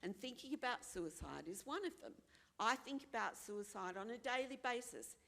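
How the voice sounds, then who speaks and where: A woman's voice: fairly high pitch, animated, moderate pace, vocal fry, pushed and bright, long reverb tail. Australian woman, frank and earnest, candid forum talk, repeats phrases for emphasis. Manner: acts out other people's voices when quoting. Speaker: forum speaker.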